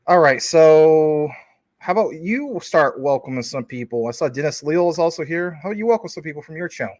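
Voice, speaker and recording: A man's voice: fairly high pitch, lively intonation, fairly quick, darkish tone, no echo. A man co-hosting a casual livestream, greeting viewers and reading their comments in an upbeat, jokey way. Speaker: livestream co-host.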